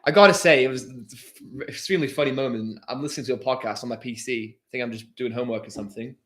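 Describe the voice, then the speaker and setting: Young guy, rapid-fire chatter, ribs his dad on a live stream. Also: mid-range voice, fairly bright tone. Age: young adult. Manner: fast, self-deprecating, jokey. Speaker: host's son. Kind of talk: casual live chat.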